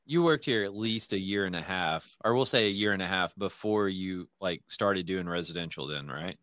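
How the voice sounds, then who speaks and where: A low-pitched man with a drawl, hosting a relaxed interview show. His talk wanders, full of fillers and restarts, and the sound is close and dry. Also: normal speed, dry recording. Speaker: podcast host. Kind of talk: casual conversational interview.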